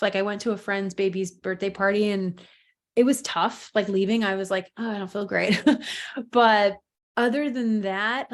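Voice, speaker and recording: Candid woman podcaster, open and reflective. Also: mid-range voice. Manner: open, reflective, many fillers and restarts. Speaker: podcast host. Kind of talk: candid personal podcast monologue.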